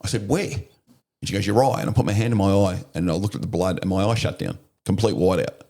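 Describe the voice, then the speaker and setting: A middle-aged Australian podcast guest with army, navy and police service behind him shares war stories in an easygoing interview. Speaking quickly in a low, slightly mellow voice, he's blunt and foul-mouthed and laughs often.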